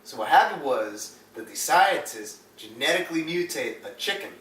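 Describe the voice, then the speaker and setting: A man's voice: a little high, sing-song, moderate pace, a bit bright. A young man in casual chat with a friend, joking around and interrupting. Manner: joking, interrupts, sings snatches of songs. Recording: echoey room, mic from a distance, faint noise.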